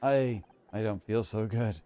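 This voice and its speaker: A man's voice: on the low side, unhurried, warm tone, close to an everyday voice. A man doing a drunken washed-up TV star. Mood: bitter. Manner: slurred, rambling, self-pitying.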